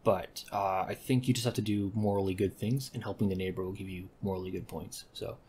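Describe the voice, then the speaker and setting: A man giving casual gameplay commentary, rambling and correcting himself with deadpan asides. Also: low-pitched, fairly quick, few pauses, slight background noise. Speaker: gaming commentator.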